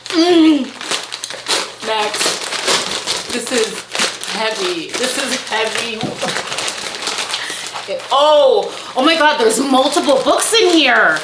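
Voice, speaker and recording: Gushing woman book vlogger, slow and roomy. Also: high-pitched. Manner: gushing, excitable, laughs and gasps often. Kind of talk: casual unboxing vlog. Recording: echoey room with faint noise.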